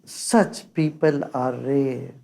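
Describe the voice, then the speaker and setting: An older woman giving a measured spiritual discourse as a teacher, reciting scripture verses along the way. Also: rumbling low, fairly even intonation, creaky, mellow.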